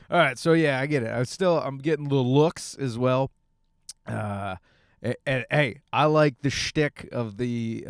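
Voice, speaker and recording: A man's voice: medium pitch, clear, resonant tone, dry recording. A young man from Michigan, a stand-up comic hosting a casual podcast, rambling and joking alone on his way to the gym. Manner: jokey, riffing, acts out bits. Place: car on the way to the gym.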